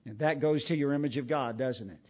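A man preaching a sermon emphatically, asking repeated rhetorical questions and swinging between loud and hushed delivery. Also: mid-range voice, fairly quick, muffled recording.

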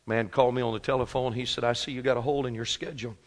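A man in his fifties preaching a sermon, moving from quiet storytelling to shouted exhortation. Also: mid-range voice, steady tone, very fast. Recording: long hall reverb.

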